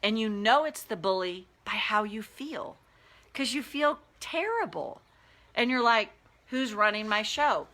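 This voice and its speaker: A woman's voice: on the high side, very animated, measured pace, sharp tone. A woman life coach talking earnestly and conversationally to viewers, with frequent restarts. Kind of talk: casual talk to viewers.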